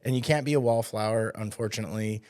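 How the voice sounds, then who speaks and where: A man's voice: fairly low pitch, steady tone, quick pace, darkish tone, no echo, studio quality. A man hosting a podcast, reflecting on mentoring in a casual way and offering help. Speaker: podcast host. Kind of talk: casual conversation. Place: podcast studio.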